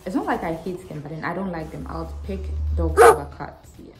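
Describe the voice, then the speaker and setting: A young woman from Ghana, answering questions in a casual vlog with a frank, animated, self-mocking manner. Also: on the low side, a little fast. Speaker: vlogger. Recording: echoey room with faint music.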